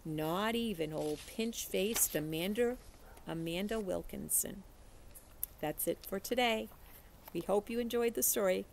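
A teacher reads a children's novel aloud, slowly and expressively. Her mid-pitched voice carries a gravelly edge, and a faint hiss sits underneath it. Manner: slow, expressive read-aloud.

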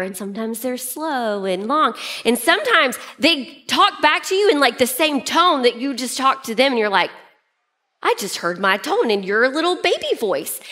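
A woman pastor preaching a sermon in an animated way, often shifting pace and pitch.

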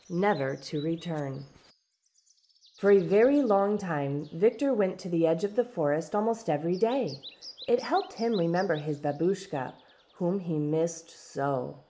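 A woman reading a children's storybook aloud in an expressive, dramatic way. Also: on the low side. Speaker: storybook reader.

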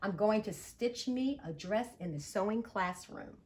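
Slow-reading woman telling a picture book. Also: medium pitch, a little hiss or hum. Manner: slow, expressive read-aloud. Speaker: storytime reader.

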